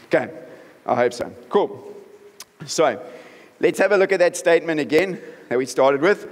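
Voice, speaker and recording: A man's voice: a little high, animated, moderate pace. Man preaching in a reverberant hall. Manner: conversational, checks in often with the congregation. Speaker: pastor. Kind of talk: sermon. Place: church hall.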